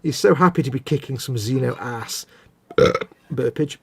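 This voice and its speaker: A man's voice: medium pitch, a little slow, gravelly, husky, no echo. A man chatting casually and jokily while playing a game on stream, rambling from one tangent to the next. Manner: rambling, jokey, animated. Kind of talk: casual chat over gameplay.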